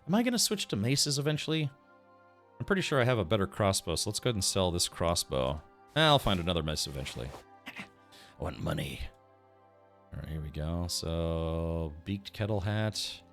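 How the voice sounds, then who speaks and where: A man's voice: low voice, big pitch swings, brisk, fairly bright tone, faint music behind. A man streaming a game, chatting casually, thinking aloud and answering his chat. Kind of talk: casual gameplay commentary.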